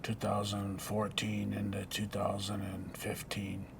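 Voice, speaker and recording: A man being interviewed for a documentary, speaking bluntly and in a measured way. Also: on the low side, monotone, vocal fry, noisy background.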